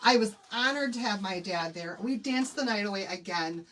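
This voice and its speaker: A middle-aged woman hosts a crafting livestream, telling a personal story in an emotional, chatty way and calling her viewers "y'all" as she teaches. Her medium-pitched voice is fairly bright, with lively intonation and a normal speed. Faint background noise sits under the recording.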